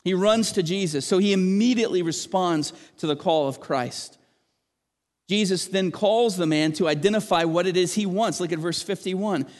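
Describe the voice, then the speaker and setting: A man delivering a sermon, his voice pitched a little high. He speaks earnestly and with animation, swelling when he reads scripture aloud. A long reverb trails behind him, as in a large hall. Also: normal speed. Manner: earnest, animated preaching that rises for quoted cries. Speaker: pastor.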